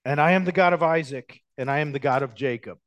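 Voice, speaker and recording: A male pastor delivering a sermon in a somewhat high voice. He preaches with animated emphasis, leaning hard on key words and stretching some of them out slowly. The sound is dry and close, with almost no room around it. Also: no echo, highs cut off. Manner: animated, emphatic preaching with sudden loud stresses and drawn-out words. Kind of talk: expository sermon.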